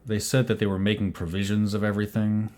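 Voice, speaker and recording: A man's voice: on the low side, little pitch movement, quick pace, a little mellow, close to an everyday voice. A man voicing a tired, embarrassed man who speaks in a sighing, confiding way. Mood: weary. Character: weary, embarrassed man at the compound.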